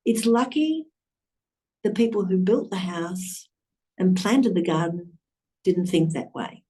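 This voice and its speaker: A woman voicing a gentle old man who quietly questions a grieving neighbor. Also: on the low side, slow. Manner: calm, questioning. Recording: distant from the mic.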